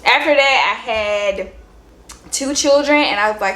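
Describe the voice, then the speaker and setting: A woman's voice: fairly high pitch, normal speed, a bit bright. Lady vlogging at home, chatty and upbeat, kinda roomy echo. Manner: chatty, upbeat, talks straight to viewers. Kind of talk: casual chat to camera.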